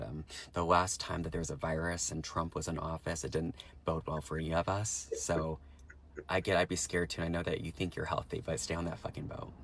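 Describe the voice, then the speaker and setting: A man's voice: extremely low pitch, creaky, slight background noise. A man in a comic video rant, profane and exasperated, repeating his punchline. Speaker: comedian in a shared video. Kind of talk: stand-up style rant to camera.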